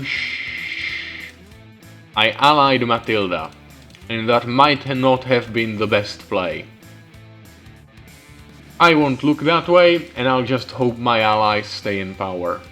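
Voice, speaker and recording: A man's voice: mid-range voice, sharp tone. A young man giving sarcastic, ranting commentary over a strategy game, swearing freely. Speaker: gaming channel host. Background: faint background music.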